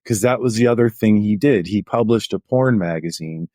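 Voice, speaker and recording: A man's voice: fairly low pitch, normal speed, warm tone, dry recording, studio quality. Chatty middle-aged man telling stories. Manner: anecdotal, chatty, many "like" fillers. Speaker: guest journalist. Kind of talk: casual interview storytelling.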